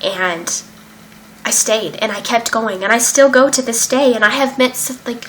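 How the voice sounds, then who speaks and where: A woman's voice: fairly high pitch, normal speed, fairly bright tone, slight background noise, rough recording. A young woman candidly telling her own story in a casual vlog, emotional and open, with many fillers and some swearing. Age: young adult. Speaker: vlogger sharing her recovery story. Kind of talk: casual personal account.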